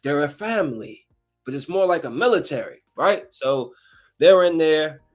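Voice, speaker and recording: A man hosting a podcast, casually retelling a film in a rambling, animated way and acting out bits of dialogue. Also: on the high side, normal speed, faint music behind. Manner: rambling, animated storytelling with acted-out quotes. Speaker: podcast host. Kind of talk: casual movie recap.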